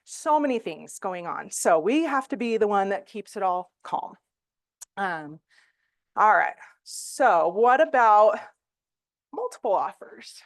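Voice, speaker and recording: A middle-aged woman teaching real estate agents in a training room, chatty and animated, with fillers. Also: medium pitch, takes it slowly, dry recording, clean studio sound. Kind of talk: classroom training talk.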